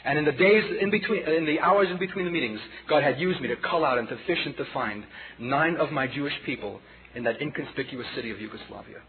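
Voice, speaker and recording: A man's voice: on the high side, fast talker. Impassioned man preaching on tinny tape. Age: 40s. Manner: impassioned and dramatic, swinging between hushed and loud. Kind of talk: personal testimony sermon. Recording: tinny lo-fi sermon tape with audience noise.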